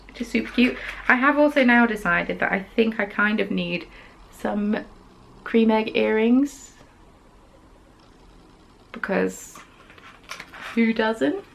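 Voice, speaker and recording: A young woman hosts a craft podcast in casual show-and-tell mode, chatty and gushing about each piece. Her mid-pitched voice carries a steady gravelly fry, and she fills the gaps with relaxed ums. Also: slight background noise, low-quality recording.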